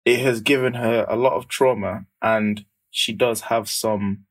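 A young man chatting casually on a podcast, full of slang and quick to laugh. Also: lowish voice. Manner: slangy, laughs often, animated. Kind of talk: casual chat.

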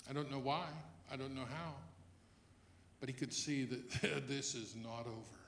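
A man preaching a sermon in a church, dropping to a hush and then rising to loud emphasis as he acts out quoted lines. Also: medium pitch, a little slow, slight background noise. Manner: swings between hushed and loud emphasis. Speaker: pastor. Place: church hall.

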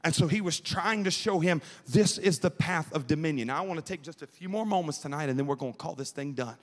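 Quick and fairly high-pitched, a young man preaches with fervor to a youth gathering at an evening church service, Pentecostal-style. He rouses the crowd into call-and-response with a rhythmic cadence, and the large hall adds a long reverb.

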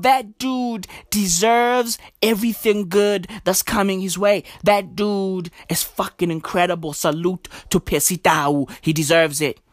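A man's voice: high voice, no room sound. Profane ranting man, dry close sound. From South Africa. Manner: animated, profane, keeps asking "right?". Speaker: podcast host. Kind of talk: profane casual rant.

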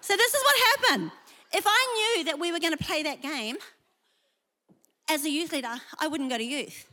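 A woman's voice: high voice, lively intonation, normal speed, sharp tone. A woman pastor preaching a sermon in a chatty, self-deprecating way, laughing often, in a large church auditorium. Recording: long hall reverb.

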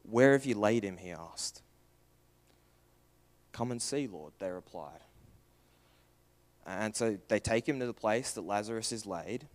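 A young man preaching a sermon, earnest and questioning, moving from raised emphasis to hushed, quiet passages. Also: on the low side, expressive, unhurried, long pauses.

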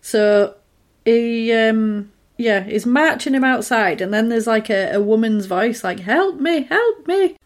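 A woman's voice: on the high side, measured pace. Chatty woman retelling a film. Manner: animated retelling, acting out the characters' lines. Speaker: podcast co-host recapping a film. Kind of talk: casual chat.

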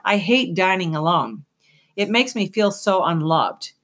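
A languid, mocking giant rat drawls in a storybook voice, performed by a woman reading aloud. He sounds weary, clever and quietly dangerous, with his drawl sitting slightly low. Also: animated, measured pace. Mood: languid mockery. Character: sardonic, weary male giant rat, cunning and wry. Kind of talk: audiobook character voice.

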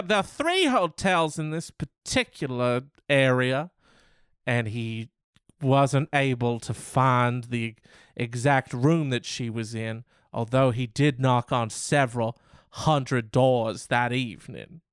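A man's voice: mid-range voice, a bit bright, clear, resonant tone, dry recording, clean studio sound. A man voicing a mock-pompous male defense lawyer who pleads with a judge in an over-formal, flustered way.

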